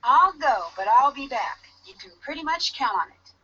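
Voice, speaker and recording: A persistent young detective in a video game, eager and insistent. Her voice is high and bright. The game audio sounds dull and lo-fi. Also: expressive, normal speed. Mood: determined.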